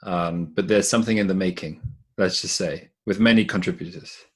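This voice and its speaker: Husky low-voiced man explaining at length. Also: moderate pace. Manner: thoughtful, restarts and repeats words while explaining. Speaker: podcast guest, philosopher. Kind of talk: casual conversation.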